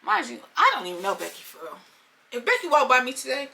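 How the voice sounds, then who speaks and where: A young woman telling a storytime vlog in an animated, slangy way, talking straight to her viewers. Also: high voice, quick pace, creaky. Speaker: storytime vlogger.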